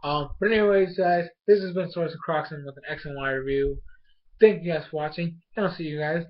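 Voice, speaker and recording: A young man with a slightly high voice rambles excitedly through an episode recap, full of ums, likes and false starts. The recording sounds dull and lo-fi. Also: brisk. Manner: rambling and excitable, lots of fillers and restarts. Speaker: anime episode reviewer. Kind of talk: casual recap and review.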